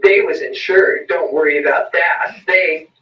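Bitter blind beggar figure read aloud by a man, high whining voice, roomy muffled distant sound. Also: measured pace, lightly acted. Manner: whining, pleading, rising to frantic cries. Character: bitter blind male peddler, begging, self-pitying.

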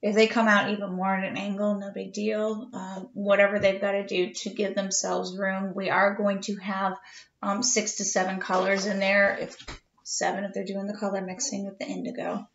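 A woman's voice: mid-range voice, monotone, moderate pace, vocal fry, a little hiss or hum. A middle-aged woman, an art teacher, talking step by step through a drawing tutorial in a chatty way. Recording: echoey room, dull lo-fi sound.

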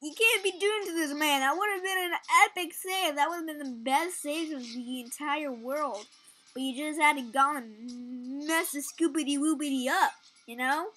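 A young woman giving excitable, casual commentary while playing a game, yelping at near misses. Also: high voice, normal speed. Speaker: gaming channel host.

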